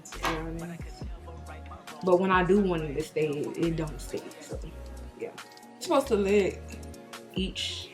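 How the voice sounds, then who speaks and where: Chatty woman vlogging to "y'all" with playful asides, mid pitch, hip hop playing behind her. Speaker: beauty vlogger. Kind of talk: casual chat to camera during a wig install. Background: hip hop music.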